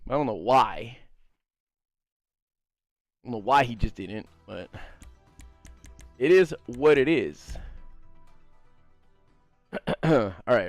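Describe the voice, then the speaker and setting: A man streaming a game, telling a story in a casual, animated, swearing ramble and talking to his chat. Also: mid-range voice, no echo. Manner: animated, profane, fast-rambling. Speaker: gaming streamer.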